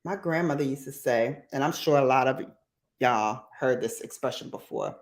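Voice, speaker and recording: A middle-aged woman, hosting a casual livestream chat in a sassy, animated way that jumps to squeals. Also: extremely low pitch, moderate pace. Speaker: livestream host.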